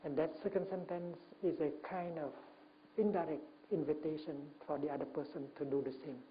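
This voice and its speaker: A man, a Buddhist monk, giving a Dharma talk at a retreat, speaking gently in short phrases with many pauses and fillers. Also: on the high side, steady tone. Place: retreat talk before an audience. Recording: muffled lo-fi recording with faint hum.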